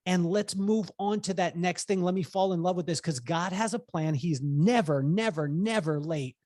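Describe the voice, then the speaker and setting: Lively forty-something man telling stories. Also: sits high, normal speed, no room sound. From Southern California. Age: 40s. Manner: energetic, laughs often, swears casually, acts out quotes. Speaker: podcast guest, business coach. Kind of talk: animated storytelling conversation.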